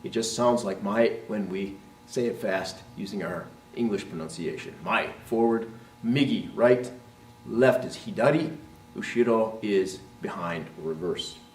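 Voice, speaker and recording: With a fairly low, slightly mellow voice and a measured pace, a martial arts instructor explains terms to camera and models their pronunciation, often asking "right?". The recording is roomy and distant, carrying a little hiss or hum.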